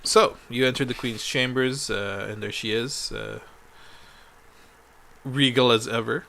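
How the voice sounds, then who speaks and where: A man narrating as game master in a tabletop game, talking in a relaxed way with fillers. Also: medium pitch, measured pace, creaky.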